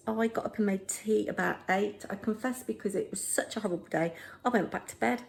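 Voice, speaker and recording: A woman's voice: medium pitch, a little fast, vocal fry, slight background noise. A middle-aged woman vlogging at home. She is chatty and self-deprecating and rambles casually. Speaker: vlogger, drama teacher.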